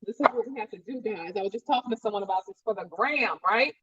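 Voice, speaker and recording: Speaking fast in a mid-range, slightly bright voice with a breathy edge, this cooking show host runs a live demo over lo-fi audio. Her New Jersey accent is fading, and she chats cheerfully with viewers, reading out their comments while she cooks.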